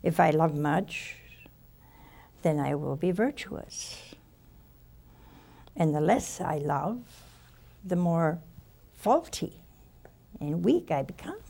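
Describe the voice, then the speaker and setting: In a low, very animated voice with vocal fry, an older nun gives a casual spiritual talk rich in personal stories. She takes her time, sighing and slipping in gentle asides.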